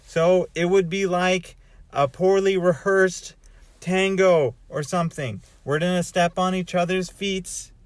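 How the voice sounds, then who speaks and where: Man, casual vlog monologue, rambling, self-interrupting, slightly high voice. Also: dry recording. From North America. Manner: rambling, musing aloud, frequent restarts. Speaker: vlogger.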